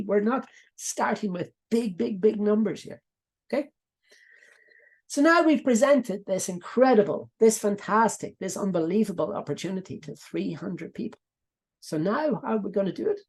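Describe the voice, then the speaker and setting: Dublin Irish accent, middle-aged, business coaching trainer, live online session, rambling and repetitive, gravelly, slightly husky. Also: mid-range voice, a little mellow. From Ireland. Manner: rambling, repetitive, breaks off into asides.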